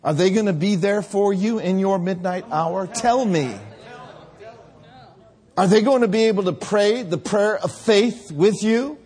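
A man preaching a sermon, telling stories and then building to shouted calls to the congregation. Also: high-pitched, measured pace. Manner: storytelling, rising to shouted exhortation.

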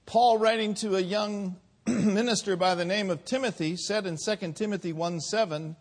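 A man preaching a sermon in a church, with call-and-response and drawn-out emphasis. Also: sits high, steady tone.

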